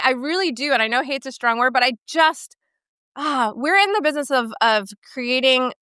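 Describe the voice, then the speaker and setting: A woman co-hosting a podcast, talking in an animated, emphatic way and often checking in with "right?". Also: a little high, smooth, dry recording, clean studio sound. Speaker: podcast co-host and portrait studio owner. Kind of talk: casual podcast discussion.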